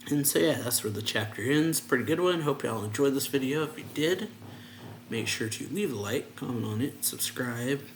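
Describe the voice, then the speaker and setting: A man's voice: mid-range voice, expressive, normal speed, echoey room, slight background noise. Laid-back man narrating a manga. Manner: loose narration, strings lines with "and so, yeah". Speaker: reaction channel host. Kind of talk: casual manga read-along.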